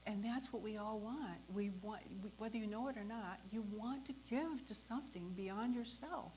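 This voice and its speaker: A woman hosting a talk, telling a personal story in a lively way, acting out the voices of the people in it and laughing often. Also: a little high, moderate pace, slight background noise, poor audio. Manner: animated, acts out the voices in her story. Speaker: host.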